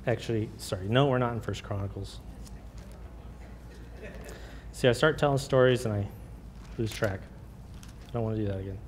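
A man preaching an informal sermon with personal testimony, earnest and halting, with many fillers and restarts. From Oregon. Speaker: lay preacher. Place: church sanctuary. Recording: long hall reverb, faint rumble.

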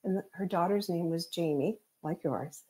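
A woman's voice: fairly low pitch, moderate pace, warm tone. A woman, a psychic medium guest, chatting casually and telling stories with acted-out quotes. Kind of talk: casual storytelling chat.

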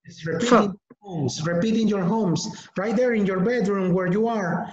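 A man teaching English pronunciation in an online webinar, modeling words slowly and deliberately for students to repeat. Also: sits high, a crowd in the background. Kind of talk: online webinar lesson, drilling sounds. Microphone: computer mic on a video call. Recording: echoey, dull lo-fi webinar audio.

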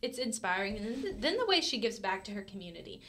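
A woman's voice: medium pitch, sing-song, fast, a bit bright. A young woman from Georgia, chatting animatedly as a podcast guest and laughing often. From LaGrange, Georgia. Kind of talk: casual chat.

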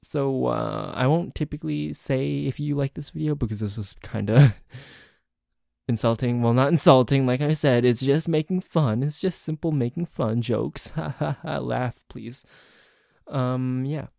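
A man's voice: mid-range voice, normal speed, gravelly, a little mellow, no room sound, clean studio sound. A man casually chatting to listeners at the end of an audio, joking at his own expense and laughing often. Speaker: voice actor and channel host. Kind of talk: casual outro chat to listeners.

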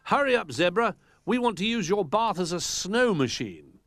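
A man voicing a small, eager boy teddy bear with a squeaky voice, in a storybook reading. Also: very animated, moderate pace, fairly bright tone, exaggerated voice.

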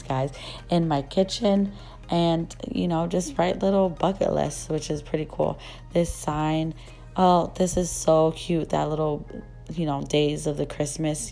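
A young woman vlogger, her voice still rough after losing it, chatting and gushing in a casual shop-with-me voice-over. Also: low voice, warm tone. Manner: gushing, chatty, many fillers. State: rough voice, just recovering.

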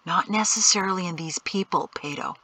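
A woman reading aloud voices a gentle, faithful father who reassures his son quietly. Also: sits high, fairly quick, no room sound, heavily acted, rough recording. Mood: gentle whisper. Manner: soft, reassuring, whispering.

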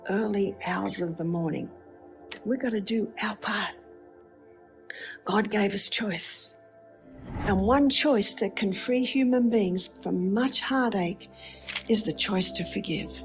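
A woman's voice: medium pitch, a little mellow. A woman giving a faith-based lecture, telling a story with rhetorical questions. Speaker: speaker.

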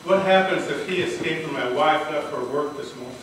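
A little fast and a bit bright, the older man's voice sits on the high side, with a slight hiss or hum on the recording. He tells a personal story in a prepared, earnest, dramatic contest speech, heard from a distance in an echoey hall with faint ambience.

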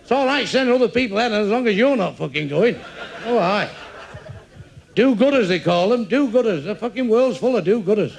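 A Mancunian comedian with a high, gravelly voice firing off crude jokes one after another. He drops each punchline flatly, and a faint hiss runs under the recording. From England. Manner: rapid-fire, crude, deadpan punchlines. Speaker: stand-up comedian. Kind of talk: stand-up joke telling.

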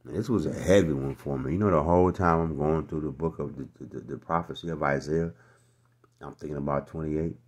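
A man with an extremely deep, low voice reads scripture aloud and comments on it line by line. He talks plainly and slangily to his viewers, repeats himself for emphasis and grows heated as he preaches. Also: brisk, darkish tone, breathy edge. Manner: casual and slangy, talking straight to viewers. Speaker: scripture teacher. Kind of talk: verse-by-verse scripture reading and commentary.

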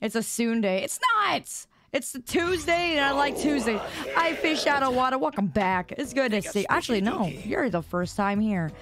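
A woman streamer, slightly hoarse, chatting casually and teasing her viewers, often stammering and repeating words. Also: a little high, animated, moderate pace, noisy background. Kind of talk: casual live-stream chat. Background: background music.

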